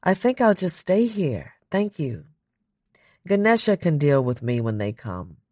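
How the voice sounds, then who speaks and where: A woman's voice: deep voice, very animated, unhurried, a little mellow, dry recording, studio quality, heavily acted. A reader voicing Donna, a worn-out older woman. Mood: resigned. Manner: weary, resigned. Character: exhausted older woman astronaut stranded alone.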